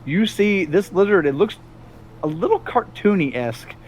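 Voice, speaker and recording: A man's voice: high-pitched, moderate pace, soft background music. Man narrating as game master. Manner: relaxed, chuckling narration with fillers.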